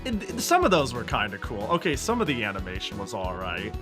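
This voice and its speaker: Excitable ranting streamer man. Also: fairly low pitch, a little fast, over music. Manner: excitable, ranting, laughs and exclaims. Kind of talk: casual reaction commentary.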